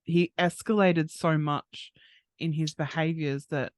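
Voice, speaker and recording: A man with a slightly higher voice interviews a guest, asking questions and reassuring her gently. The sound is dry, with no room around it. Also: steady tone, a little slow, no echo. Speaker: interviewer, true crime host.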